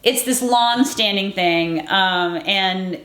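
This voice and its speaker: A young adult woman co-hosting a movie review show, talking casually, full of fillers and quick restarts. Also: medium pitch, fairly bright tone. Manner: chatty, peppered with fillers and restarts. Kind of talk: casual chat. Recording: roomy echoey room.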